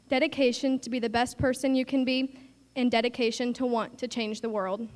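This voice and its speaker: Young woman reading a speech in a gym. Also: on the high side. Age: young adult. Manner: earnest, read from a prepared speech. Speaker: graduating student speaker. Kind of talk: graduation speech. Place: school gym. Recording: long echo of a large gym.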